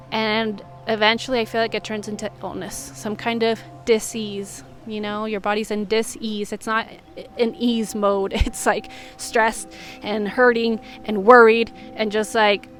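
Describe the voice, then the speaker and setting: A woman's voice: mid-range voice, fairly bright tone. A woman who works as a healing coach talks in a candid, earnest vlog monologue, with frequent "like" fillers.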